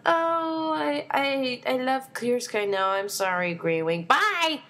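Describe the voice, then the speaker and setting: A woman's voice: high-pitched, expressive, slow, a bit bright, faint music behind, voice pushed up, heavily acted. A woman playing a fickle, chirpy she-cat. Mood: flighty.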